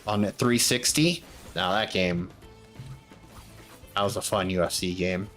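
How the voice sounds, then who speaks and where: Young male streamer, low register, loose rambling play-by-play over faint game music. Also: measured pace, a bit bright. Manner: rambling, muttering to himself with fillers. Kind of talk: casual gaming commentary.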